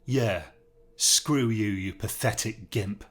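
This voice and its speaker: A crude, aggressive male prisoner, as a male storyteller puts him on, snarling coarse slang and threats. His voice sits low and rough-edged. It is read as a spoken horror story. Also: takes it slowly, fairly bright tone. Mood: taunting.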